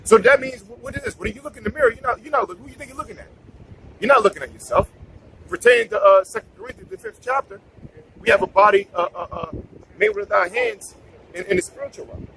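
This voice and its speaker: A man's voice: very high-pitched, huge pitch swings, quick pace, vocal fry, pushed and bright, slight background noise, low-quality recording. A man giving a casual scripture talk, preachy, repeating himself and restarting his sentences. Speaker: bible teacher.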